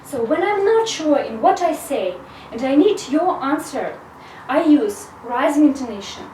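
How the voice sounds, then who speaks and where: High-voiced woman teaching in an echoey room. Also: animated, mellow, a little hiss or hum. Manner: slow, careful explanation with frequent "so". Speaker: English teacher. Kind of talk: video grammar lesson. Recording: echoey room, mic at a distance.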